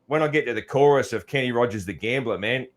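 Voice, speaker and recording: A man's voice: mid-range voice, fast talker. A middle-aged man with an Australian accent hosting a podcast, chatting casually in a rambling way with frequent laughs. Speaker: podcast host. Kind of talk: casual interview chat.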